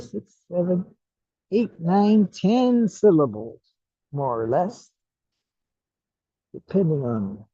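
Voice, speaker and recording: Slow, musing man with a husky voice. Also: on the high side, mellow, no room sound. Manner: slow, musing, many fillers and throat clearing. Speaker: Buddhist study vlogger. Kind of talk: casual self-study talk. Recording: muffled lo-fi recording.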